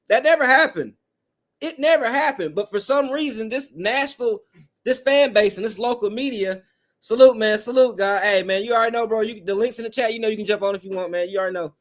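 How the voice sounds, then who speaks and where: A man's voice: sits high, animated, a little fast. A man hosting a live fan call-in show, talking bluntly and profanely while reading chat comments. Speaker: podcast host.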